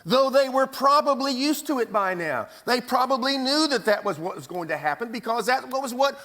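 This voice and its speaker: A man preaching a sermon in a church, telling the story dramatically with pauses and acted-out scenes. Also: very high-pitched, animated, sharp tone. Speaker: pastor. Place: church sanctuary.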